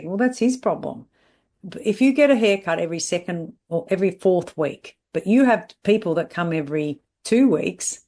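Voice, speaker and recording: A woman's voice: fairly low pitch, a little mellow. A middle-aged woman coaching salon owners in a podcast monologue. She is blunt and emphatic and keeps checking in with "right?". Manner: blunt, emphatic, repeats catchphrases and asks "right?".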